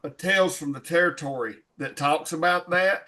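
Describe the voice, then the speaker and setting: Bright, forceful man, slightly high, halting co-host with lots of fillers. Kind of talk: casual chat.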